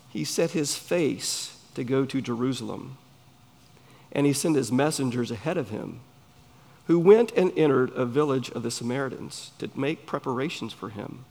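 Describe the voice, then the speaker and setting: A man with a Southern US accent, preaching a sermon in an earnest, emphatic way with pauses between phrases. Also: mid-range voice, creaky, a little mellow. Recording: long hall reverb.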